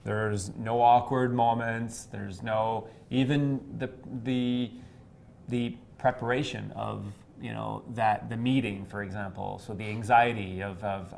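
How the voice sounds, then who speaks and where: A man in casual conversation, speaking haltingly and repeating words as he searches for them. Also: on the low side, little pitch movement, gravelly, a little mellow, a little hiss or hum. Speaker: co-host.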